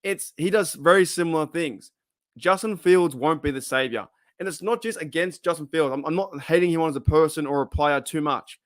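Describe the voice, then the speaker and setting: A man's voice: fairly high pitch, fairly quick, no echo, studio quality. An Australian man hosting a casual livestream, chatting, laughing often and reading out viewer comments. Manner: chatty, laughs often, reads chat aloud. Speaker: livestream host.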